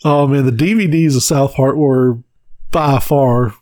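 A man co-hosting a casual podcast, retelling a cartoon episode in an animated way, swearing and laughing often. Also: medium pitch, unhurried, no room sound. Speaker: podcast co-host. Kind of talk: casual chat.

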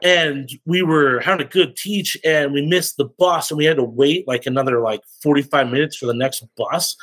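A podcast guest telling stories in a casual, animated, slangy way, often laughing. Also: male voice, on the high side, moderate pace, poor audio. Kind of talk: casual storytelling.

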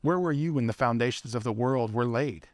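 A man's voice: medium pitch, a little fast, dry recording, clean studio sound, pitched below the performer's own voice, natural voice. A man giving voice to God speaking from the whirlwind, grave and commanding, in a sermon. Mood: stern.

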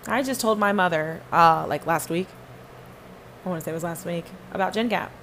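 A woman hosts a podcast, her lowish voice brisk and slightly bright as she delivers a fervent, emphatic testimony, repeating phrases for stress. She turns back and forth between addressing her listeners and addressing God. The audio is poor, with a little hiss or hum.

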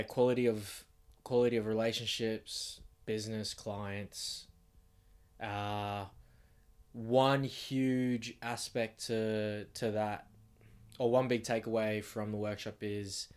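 Low-voiced Australian man explaining. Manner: explains ideas step by step, relaxed and loose. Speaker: podcast co-host. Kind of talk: casual podcast chat. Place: home bedroom.

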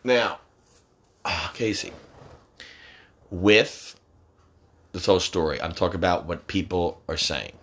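A man in his forties chatting about sports with his son, profane and quick to yell. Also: sits low. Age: 40s. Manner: loud, profane, jumps to sudden yelling.

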